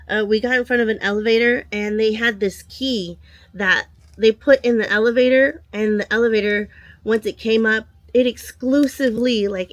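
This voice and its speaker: Woman, vlogger, stuffy nasal voice, halting casual storytelling, dry sound. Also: mid-range voice, no room sound. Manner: hesitant, restarts and trails off. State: nasal from a cold. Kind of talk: casual chat.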